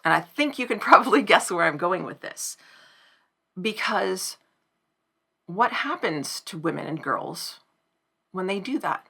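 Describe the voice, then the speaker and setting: A woman giving reflective commentary to camera, thoughtful and measured, pausing now and then to find the right words. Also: medium pitch, expressive, creaky, sharp tone, breathy edge. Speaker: video essayist.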